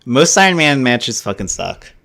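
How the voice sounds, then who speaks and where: A man's voice: mid-range voice, very animated, moderate pace, vocal fry, bright, forceful tone. A young man co-hosting a casual wrestling podcast, laughing easily and swearing casually. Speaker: podcast co-host.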